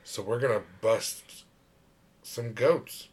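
A man's voice: mid-range voice, slow pace, husky. A young man co-hosting a casual sports podcast, bantering in a dry, matter-of-fact way. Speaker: podcast co-host.

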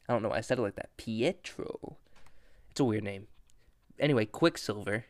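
Podcast host, man, casual and wry, smooth voice, dry close mic. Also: medium pitch, moderate pace, pauses often, dry recording. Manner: chatty and wry, with laughs. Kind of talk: casual comic book recap.

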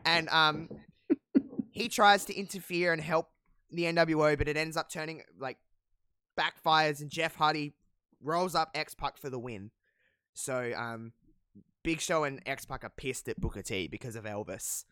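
A man telling a casual wrestling recap as a podcast co-host, animated, with lots of fillers. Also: on the high side, unhurried, clean tone, no room sound, clean studio sound. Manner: animated storyteller, many fillers.

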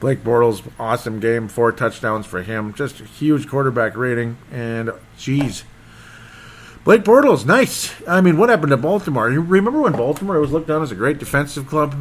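A man hosting a casual solo football recap, rambling and excitable and often losing his train of thought. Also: medium pitch, normal speed, slight background noise. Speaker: sports podcast host.

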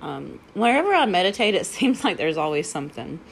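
A woman's voice: fairly low pitch, sing-song, brisk, vocal fry, a little hiss or hum. A woman who teaches yoga and meditation, hosting her own podcast from home and telling rambling stories with frequent laughs. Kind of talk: casual solo podcast chat. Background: heater rattling.

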